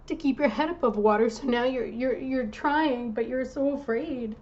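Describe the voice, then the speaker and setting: A woman giving a tarot reading to her viewers in a gentle, reassuring way, now and then breaking off to apologize. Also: on the high side, normal speed, dull audio. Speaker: tarot reader.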